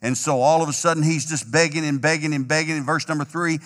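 A man preaching an emphatic, repetitive sermon as pastor, a little hoarse. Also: a little high, fairly even intonation, fast, a bit bright, big-room sound. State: slightly hoarse, clearing throat.

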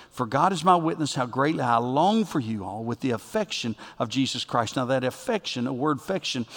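A man preaching a sermon as pastor, with emphatic delivery that swings from loud bursts to quiet asides. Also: medium pitch. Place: church sanctuary. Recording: long reverb of a church hall.

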